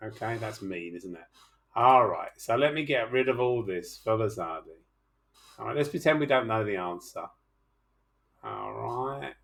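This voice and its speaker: A man's voice: lowish voice, expressive, moderate pace, creaky, a bit bright. A middle-aged man teaching chemistry in an online class, talking through problems in a chatty, teasing way and coaxing his students to speak up.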